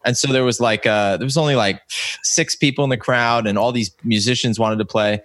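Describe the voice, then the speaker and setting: A man's voice: medium pitch, brisk, fairly bright tone, no room sound. Man, thirties, rambling comedy storyteller, full of ums and restarts, dry close sound. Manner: rambling, self-interrupting anecdotes with many fillers. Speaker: comedian guest. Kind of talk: casual storytelling chat.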